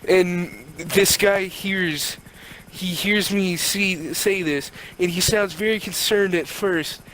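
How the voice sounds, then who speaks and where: A man's voice: sits high, slow, fairly bright tone, a little hiss or hum, rough recording. A young man co-hosting a podcast, narrating an improvised comic story in a rambling, crude, playful way. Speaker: podcast co-host.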